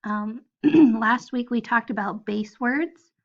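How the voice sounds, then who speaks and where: A woman's voice: fairly high pitch, takes it slowly, dull audio. A woman teaching a phonics lesson to first graders, patiently spelling out letters one at a time. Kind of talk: recorded phonics lesson for children.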